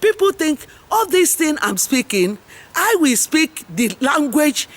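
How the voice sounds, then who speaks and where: Nigerian lady preaching and rambling on her show, really high voice, keeps repeating slogans. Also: big pitch swings, a little slow. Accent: Nigerian English. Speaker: host and farmers' advocate. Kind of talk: impassioned monologue.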